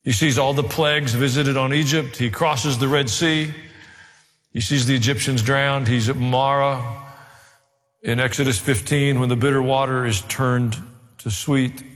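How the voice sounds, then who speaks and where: A man's voice: medium pitch, steady tone, measured pace, a bit bright. A male pastor preaching a sermon, earnest, with dry asides and a rise to emphatic, fervent delivery. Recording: reverberant hall.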